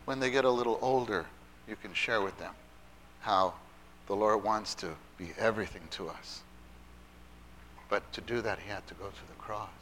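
A man giving an animated Bible teaching talk to church children's workers, stressing and repeating key phrases. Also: on the low side, moderate pace, pauses often, a little hiss or hum.

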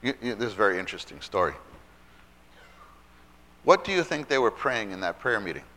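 Animated, bright-voiced male Bible teacher. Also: fairly low pitch, a little fast. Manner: animated storytelling, acting out characters' lines; conversational, asks the audience questions.

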